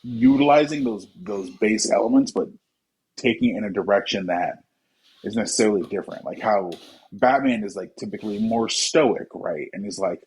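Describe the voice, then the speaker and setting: A man's voice: on the low side, a little mellow, breathy edge, low-quality recording. A man co-hosting a casual movie podcast, thinking aloud and restarting his sentences as he goes. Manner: thoughtful, halting, many restarts. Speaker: podcast co-host. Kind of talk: casual chat.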